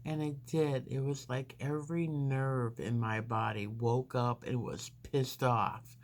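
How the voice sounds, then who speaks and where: A beauty vlogger with an extremely low, steady and darkish voice tells a long personal story while doing her makeup. She rambles casually and unhurriedly, using frequent fillers, and a faint hiss or hum sits under the recording.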